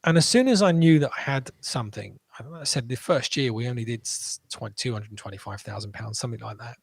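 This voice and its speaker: A man telling stories as an interview guest, animated, with quick restarts, and acting out what people said. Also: medium pitch, gravelly, slightly rough, no echo. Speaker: guest entrepreneur. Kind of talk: casual interview storytelling.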